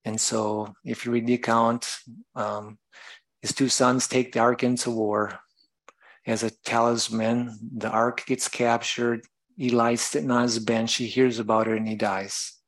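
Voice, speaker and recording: A male preacher with a gravelly, fry-edged voice, delivering a sermon. He reads scripture passages aloud and then explains them in plain terms. He sometimes stops to correct himself. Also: medium pitch, level tone, unhurried, rough recording.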